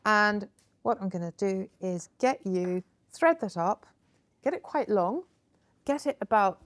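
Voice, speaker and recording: A woman guiding guests through a craft project at an indoor table. Her voice sits at an ordinary middle pitch, and her manner is chatty, warm in praise, and full of encouragement. She explains each step plainly as a hands-on tutor. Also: expressive, a little slow. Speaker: crafting workshop host.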